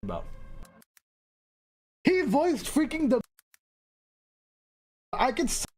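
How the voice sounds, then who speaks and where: A man's voice: very high-pitched, huge pitch swings, slow, a little mellow, faint music behind. A man chatting on a replayed stream clip, unsure of himself and trailing off. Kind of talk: casual live-stream chat.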